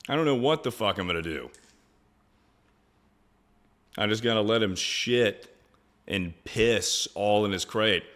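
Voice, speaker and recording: A man's voice: fairly low pitch, animated, measured pace, pauses often, a bit bright. A young man streaming live, chatting casually in a rambling, crude way and laughing often.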